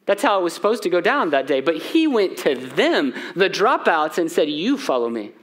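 A man's voice: a little high, very animated, moderate pace, fairly bright tone. A middle-aged man preaching a sermon as pastor in a church, talking conversationally and asking the room rhetorical questions. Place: church sanctuary.

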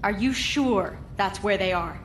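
A woman's voice: mid-range voice, measured pace, slight background noise, close to an everyday voice. An actress playing a blunt, profane young female resistance soldier in a video game. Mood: alarmed. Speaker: soldier, explosives specialist. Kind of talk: video game cutscene acting.

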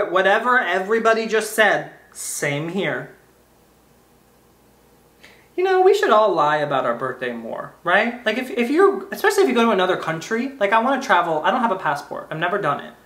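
A man's voice: sits high, fairly bright tone. A man vlogging in a goofy, rambling way, breaking into sing-song bits and playful asides to the viewer. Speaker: YouTube vlogger. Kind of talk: rambling comedic vlog. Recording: roomy echo.

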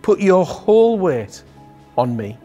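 A man voicing Jesus as a calm male figure inviting the listener to trust him, in a devotional. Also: high voice, takes it slowly, lo-fi sound, soft background music, pitched above the performer's own voice, full character voice.

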